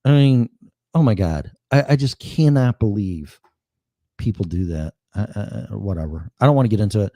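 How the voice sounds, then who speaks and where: A man's voice: lowish voice, animated, moderate pace, dark tone, dry recording, studio quality. Blunt older man with a Chicago accent. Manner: blunt, profane and rambling. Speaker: show host. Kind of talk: casual live-stream monologue.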